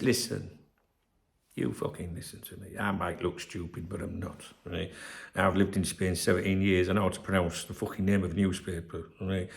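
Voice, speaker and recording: A man's voice: medium pitch, vocal fry, a bit bright. A middle-aged man hosting a football news channel, talking casually and rambling to his viewers with the odd swear word. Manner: rambling, chatty, swears freely. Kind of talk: casual solo commentary to camera.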